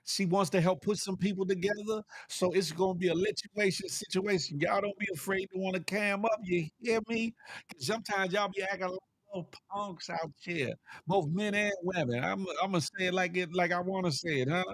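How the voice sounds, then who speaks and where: Guy hosting a live stream, kinda high voice, playful and teasing the chat, dry close mic. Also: brisk, a bit bright, dry recording. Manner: playful, teasing, laughs often. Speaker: livestream host reading chat. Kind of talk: casual livestream chat.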